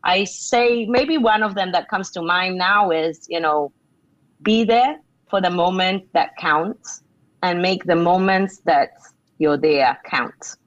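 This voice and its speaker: A middle-aged woman author answering interview questions with earnest, conversational advice, filling pauses with "you know". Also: on the low side, no room sound. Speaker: author and leadership speaker. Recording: dull lo-fi sound.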